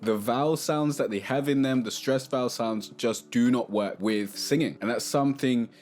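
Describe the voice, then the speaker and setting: A man hosting a casual music tutorial, talking to camera in a relaxed, chatty way and sometimes singing short melody snippets. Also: medium pitch, normal speed.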